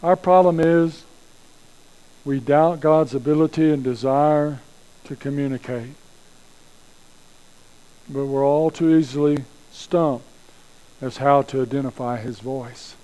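Male pastor, mellow tone, earnest sermon delivery. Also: medium pitch, fairly even intonation, slow, long pauses, low-quality recording. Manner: earnest preaching, dropping to soft prayer.

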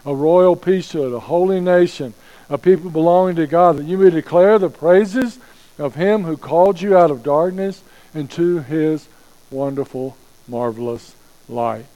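Preaching man with slow, emphatic phrasing. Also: on the high side, warm tone, highs cut off. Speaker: pastor. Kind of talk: sermon.

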